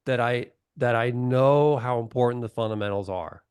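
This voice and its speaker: A man's voice: medium pitch, expressive, a little slow, darkish tone, clear, resonant tone, no echo, clean studio sound. A middle-aged man talking bluntly in a casual webinar chat on a video call, telling stories and acting out what people said. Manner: blunt, storytelling, acts out quotes. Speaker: doctor, webinar guest.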